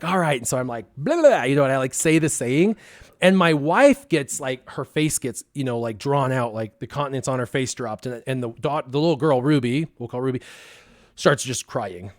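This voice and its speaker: A man's voice: mid-range voice, moderate pace, dry recording. Dry-voiced man telling a story. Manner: animated storyteller, acts out his own past lines. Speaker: stream co-host. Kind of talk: casual storytelling on a stream.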